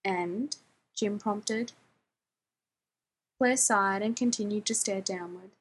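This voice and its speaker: A woman reading fan fiction aloud, narrating in an even storytelling manner. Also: mid-range voice, slow pace, slight background noise. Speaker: reader.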